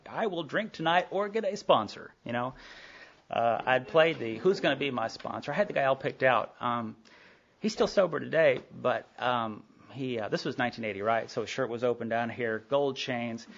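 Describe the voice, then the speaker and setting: Gravelly middle-aged man telling his story. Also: mid-range voice, lively intonation, moderate pace, a bit bright. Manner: candid storytelling with frequent asides and acted-out dialogue. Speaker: recovery meeting speaker. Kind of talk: personal recovery story told to a group. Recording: dull lo-fi tape of a live meeting talk.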